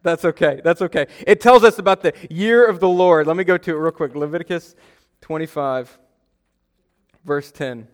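A man's voice: on the high side, moderate pace. A young adult man preaching a sermon as a pastor, in a conversational storytelling way with self-deprecating humor.

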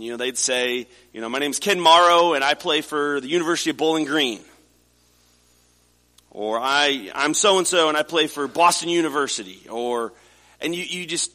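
A man's voice: on the high side, sharp tone. A man in his forties from the United States, a pastor preaching a sermon in a conversational storytelling way with frequent restarts. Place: church sanctuary. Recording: reverberant hall.

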